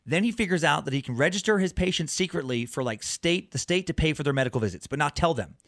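Fairly high-voiced man telling a story. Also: expressive, quick pace, fairly bright tone, no echo, clean studio sound. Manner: rambling, with many restarts and repeated words. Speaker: comedian and podcaster guest. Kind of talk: animated true-crime storytelling.

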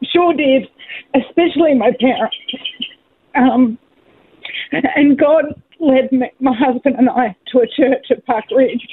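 A middle-aged woman calling in to a radio show, sharing a personal story in an emotional, halting, heartfelt way. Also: sits high, husky. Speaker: caller. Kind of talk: phone-in testimony. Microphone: phone. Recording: tinny phone line with faint noise.

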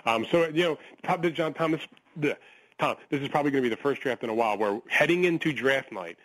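A man calling in to a sports radio show, animated and opinionated, often stumbling over his words. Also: medium pitch, fast, rough recording. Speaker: caller.

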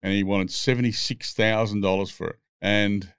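A man's voice: lowish voice, steady tone, normal speed, a bit bright, clean tone, no room sound, clean studio sound. A man, telling rambling, swear-filled stories as a podcast guest. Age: 60s. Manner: profane, rambling anecdotes. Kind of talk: casual storytelling.

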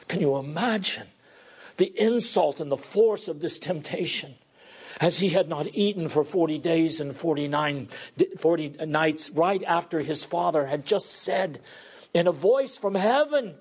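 Slow, dramatic male preacher. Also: husky. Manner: dramatic, swings between loud emphatic peaks and hushed low passages. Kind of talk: sermon.

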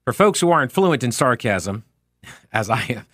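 A man's voice: mid-range voice, very animated, normal speed, fairly bright tone, no echo, clean studio sound. A man hosting a talk radio show, chatting casually with lots of fillers and slipping into sarcastic rants. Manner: sarcastic, ranting, many fillers. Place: radio studio. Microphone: studio microphone.

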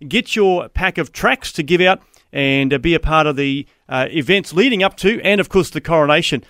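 A man's voice: fairly high pitch, normal speed, fairly bright tone, dry recording, studio quality. An Australian man hosting a breakfast radio interview, affirming the guest and repeating the web address. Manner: affirming, wraps up with promo. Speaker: radio host.

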